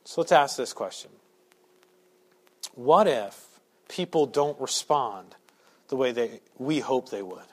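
A pastor preaching a sermon to his church, shifting from quiet asides to loud, emphatic points. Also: mid-range voice, lively intonation, slow, pauses often. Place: church sanctuary.

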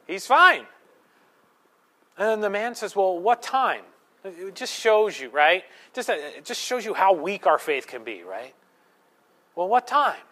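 Guy preaching a sermon, kinda high voice, chatty and jokey, acts out little voices. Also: big pitch swings, a little slow, a bit bright. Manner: conversational, playful asides and acted quotes. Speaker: pastor.

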